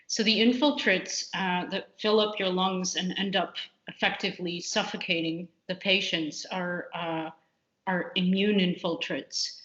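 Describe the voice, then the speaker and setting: A woman's voice: medium pitch, fairly bright tone. A woman, a computational biologist, answering interview questions in a casual way, with many fillers and restarts. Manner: frequent fillers and restarts, candid. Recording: muffled lo-fi audio in a roomy space.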